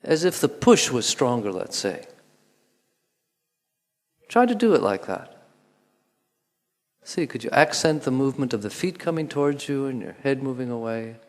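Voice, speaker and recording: A man calmly guiding a movement lesson, giving instructions with pauses and counted beats. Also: medium pitch. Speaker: movement teacher. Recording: long hall reverb.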